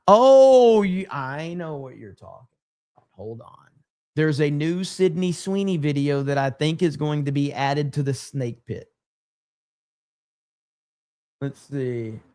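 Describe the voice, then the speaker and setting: A man's voice: a little high, a little mellow. A man hosting a casual live stream, rambling and reading viewer chat aloud. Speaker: livestream host.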